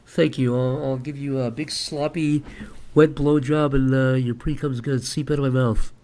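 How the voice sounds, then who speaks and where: A man's voice: medium pitch, moderate pace, a little mellow. A man chatting loosely and crudely on a live stream as he sketches and reads out donations. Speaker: streamer and animator. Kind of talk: casual live-stream chat while drawing.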